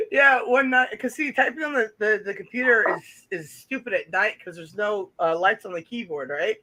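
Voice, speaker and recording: A man's voice: sits high, moderate pace, sharp tone, rough recording. A man chatting casually on a call into a livestream, joking and stammering through restarts. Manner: jokey, giggly, stammering restarts. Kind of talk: casual chat.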